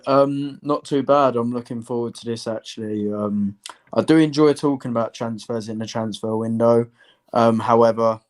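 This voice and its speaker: A man who runs a fan page speaks as a guest, measured and hesitant, with frequent ums. His voice is low and stays flat, with little rise or fall. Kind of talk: casual chat.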